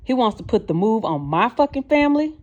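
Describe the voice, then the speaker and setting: A woman reading aloud plays a jealous, volatile man in an audiobook. He yells and curses at full force, then turns to pleading apology; the voice sits higher than a man's. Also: a little fast, highs cut off, natural voice. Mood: yelling. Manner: yelling, cursing, then pleading. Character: volatile jealous abusive man, powerful music mogul.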